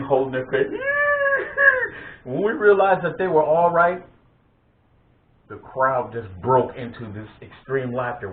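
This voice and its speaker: A man hosting a vlog, casually telling family stories in an animated way, often laughing and restarting his sentences. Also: medium pitch, slight background noise. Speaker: vlog host. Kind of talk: casual storytelling of family memories. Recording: tinny phone-like sound in an echoey room.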